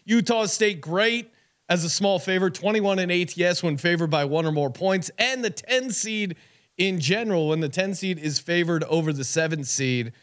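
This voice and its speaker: A man co-hosting a sports betting podcast, quickly rattling off stats and telling stories about his co-hosts. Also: sits high, fairly bright tone. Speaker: podcast co-host. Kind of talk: casual sports betting chat.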